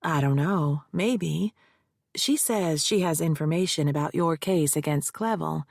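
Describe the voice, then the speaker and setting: A woman narrating an audiobook voices a quiet female office assistant in a plain, matter-of-fact way. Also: deep voice, a little slow, vocal fry, dry recording, studio quality, exaggerated voice.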